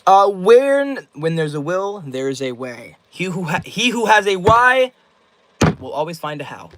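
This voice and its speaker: A man's voice: high-pitched, sing-song, measured pace, fairly bright tone, no room sound, low-quality recording. A young man hosting a casual livestream, reading viewer comments aloud and answering them in loose, slangy rambles. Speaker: livestream host.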